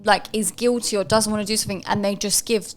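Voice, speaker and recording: A woman's voice: mid-range voice, fairly even intonation, fast, a little hiss or hum. Woman, podcast co-host, chatty and playful, making her points with examples. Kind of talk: casual chat.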